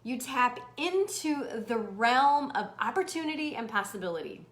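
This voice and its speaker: A woman hosting a live motivational stream in a bubbly, animated manner, laughing often and swearing casually. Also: on the high side, moderate pace. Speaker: host. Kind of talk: livestream motivational talk.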